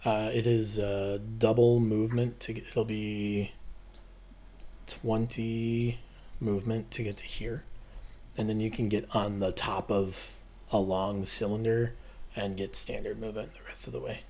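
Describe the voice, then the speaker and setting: A man's voice: lowish voice, little pitch movement, unhurried, warm tone, a little hiss or hum. A man acting as game master in a tabletop game, giving patient, matter-of-fact rulings.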